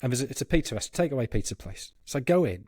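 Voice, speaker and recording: On a football podcast, a man with a husky, medium-pitched voice races through a long, funny anecdote, laughing as he goes. He's animated throughout this storytelling, and the recording is clean studio sound with no echo.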